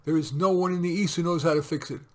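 A man voicing a panicky young male intern who shouts in alarm in a read-aloud story. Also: a little high, fairly even intonation, quick pace, voice pushed up, lightly acted.

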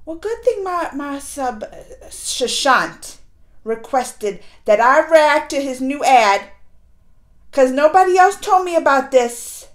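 A woman with a high-sitting voice, lively intonation and a slow pace hosts a fan reaction video. Giddy and gushing, she laughs often and plays around as she talks straight to her viewers.

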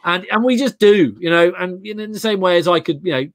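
A man's voice: high-pitched, fairly quick, no echo, clean studio sound. An English man talking as a guest historian in a casual chat, rambling with many restarts and fillers. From England. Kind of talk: casual video-call chat.

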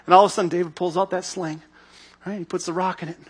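A man's voice: high-pitched, little pitch movement, fast, slightly rough. A man giving a sermon as pastor, telling a story animatedly and acting out its scenes.

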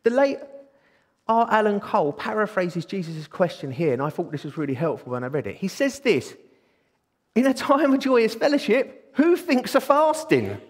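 A man preaching a sermon in a church, excitable and eager. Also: high voice, moderate pace, husky. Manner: excitable, bursts into exclaiming. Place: church hall. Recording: long hall reverb.

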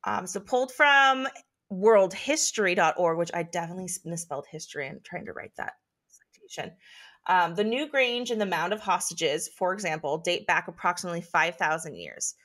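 Lively, chatty woman co-host. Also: fairly low pitch, normal speed. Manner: chatty, giggly, stumbles over words. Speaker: podcast co-host. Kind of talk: casual chat.

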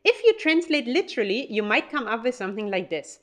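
A German woman teaching her language on video in English with a German accent, upbeat and encouraging, slowing down to spell out German phrases. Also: on the high side, very animated. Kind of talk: YouTube language lesson.

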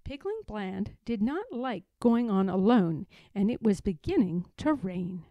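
A woman reading a children's story aloud with expressive, lively storytelling. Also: medium pitch, a little slow, dry recording, muffled recording.

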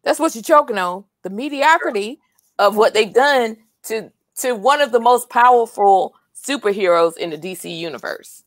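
A woman with a mid-range voice speaks in a measured, knowing way in casual movie chat, teasing her co-host now and then. The sound is dry and close, with no room echo. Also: fairly high pitch, expressive. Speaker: podcast co-host. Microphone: video call.

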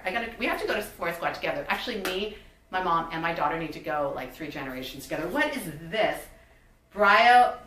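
Woman, 50s, bubbly beauty vlogger, bright voice, recorded a little far from the mic. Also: mid-range voice, echoey room. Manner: bubbly, chatty, reads product labels aloud. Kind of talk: casual unboxing chat.

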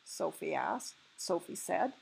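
Slow, gravelly woman teacher reading aloud. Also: fairly low pitch, rough recording. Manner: expressive, gives homework. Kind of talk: read-aloud storytelling.

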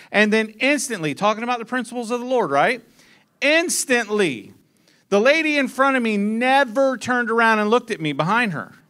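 A man preaching a sermon to a congregation, telling a story with lively asides and calling out to the room. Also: high voice. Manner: animated storytelling, calls to the congregation.

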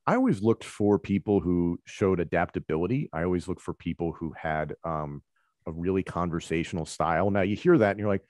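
Male commentator, deep voice, relaxed conversational delivery, dry recording. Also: normal speed, dry recording. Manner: relaxed, conversational, explains with examples. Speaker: wrestling commentator. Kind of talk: conversational interview answers.

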